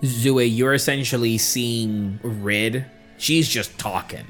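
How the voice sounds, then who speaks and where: A man serving as game master, setting scenes in a slow, dramatic way. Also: mid-range voice, fairly even intonation, fairly bright tone, faint music behind. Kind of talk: narrating a tabletop game.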